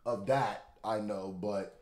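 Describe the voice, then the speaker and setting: A man's voice: on the low side, fairly even intonation, takes it slowly, darkish tone. A man hosting a reaction video, joking in slang and repeating his punchlines. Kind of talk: casual reaction commentary. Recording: roomy echo.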